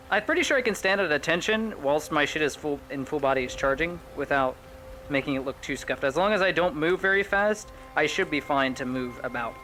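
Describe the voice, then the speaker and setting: A man's voice: a little high, lively intonation, normal speed, bright, forceful tone, slight background noise, low-quality recording. A man streaming a roleplay game, chatting casually and joking between scenes, swearing freely.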